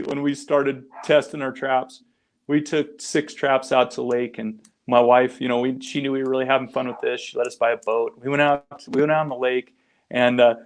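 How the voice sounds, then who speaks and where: A man's voice: mid-range voice, slight background noise. A middle-aged man, a guest on a podcast, telling casual stories with many restarts and little acted quotes. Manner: rambling anecdotal storyteller, frequent restarts and acted quotes. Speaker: guest, founder of a crayfishing group. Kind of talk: casual storytelling interview.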